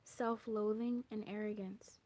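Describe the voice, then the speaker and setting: A woman giving a casual, animated spoken card reading. She talks in a chatty way with swearing, drops into whispers, and acts out little asides. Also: medium pitch, measured pace. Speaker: tarot reader.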